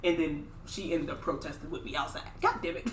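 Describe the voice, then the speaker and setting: A woman's voice: low-pitched, a little fast, a little hiss or hum. A young woman from Minnesota co-hosting a casual podcast, blunt and impassioned, swearing freely. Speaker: podcast co-host. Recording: echoey room, mic at a distance.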